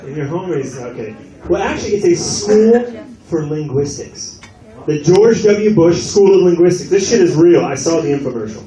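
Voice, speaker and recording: A man's voice: fairly high pitch, normal speed. A male stand-up comedian doing a brash, profane set on a comedy club stage. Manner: brash, profane, animated delivery. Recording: echoey club from a distance with crowd. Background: audience laughter.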